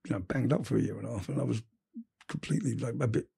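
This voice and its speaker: A middle-aged man, talking fast and animatedly as an interview guest. His voice is gravelly and husky, and he peppers his stories with swearing. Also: medium pitch. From England. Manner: animated, profane, quick storyteller. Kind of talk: storytelling in casual conversation.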